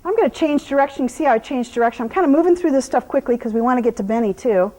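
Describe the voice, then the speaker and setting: A middle-aged woman horse trainer explaining groundwork outdoors, calmly talking viewers through each step and praising the horse. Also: high voice, racing, rough recording. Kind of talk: instructional clinic talk while working a horse.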